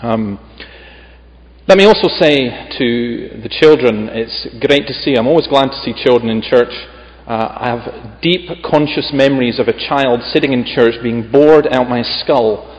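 Brief: male Scottish preacher, emphatic reader, friendly asides, long church reverb, muffled lo-fi sound. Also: mid-range voice. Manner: emphatic scripture reading with chatty humorous asides. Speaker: visiting preacher. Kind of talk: sermon.

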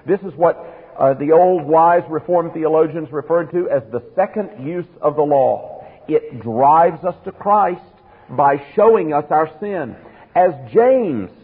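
A man's voice: on the high side, measured pace, slightly rough. A man preaching a sermon in an earnest, emphatic teaching manner, asking his listeners rhetorical questions. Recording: phone-like radio broadcast in a reverberant hall.

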